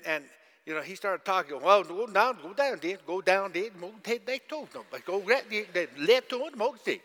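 Casting: bright, sharp-voiced male pastor, storytelling sermon, echoey church hall. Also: fairly high pitch. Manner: storytelling, asks audience questions.

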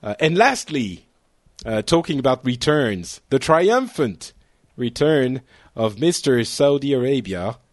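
A man's voice: medium pitch, expressive, measured pace, no echo, clean studio sound. A man from France hosting a casual panel podcast, playful and teasing, often laughing at his own slips. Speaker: podcast host.

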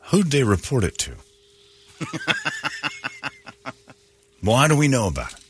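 A man's voice: mid-range voice, big pitch swings, slight background noise. A man hosting a morning radio show, trading crude jokes and laughing often in casual banter. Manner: crude, joking, quick to laugh.

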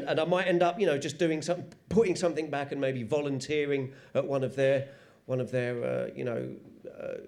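A man, a comedian doing a wry, animated stand-up routine on a comedy panel show. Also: mid-range voice.

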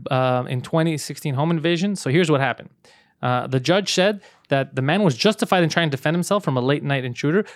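A man co-hosts a podcast in loose, profane banter, laughing between lines. His voice sits a little high. The sound is dry and close, with no room around it. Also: no echo. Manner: laughing, loose, swears freely. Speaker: podcast co-host.

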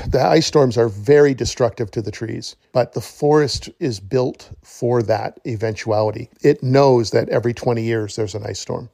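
A middle-aged man speaks in a loose, rambling storytelling way and slips in quick chuckles as he acts out what people said. His voice sits at an ordinary middle pitch. The recording is close and dry, with no room echo. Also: vocal fry. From East Coast of North America. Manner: relaxed, rambling, retells dialogue with chuckles. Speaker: forest educator, podcast host. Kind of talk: casual storytelling monologue.

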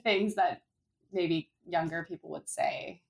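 A woman's voice: on the low side, fairly even intonation, slow, vocal fry. A young adult woman in a casual podcast chat, easygoing and searching for words as she explains.

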